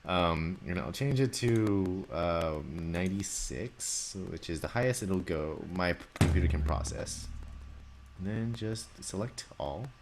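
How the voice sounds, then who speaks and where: A man composing music on a live stream, chatting casually and talking through each software step as he works, with frequent restarts. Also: deep voice, expressive, measured pace, gravelly, background noise. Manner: talks through software steps while working, chatty with restarts.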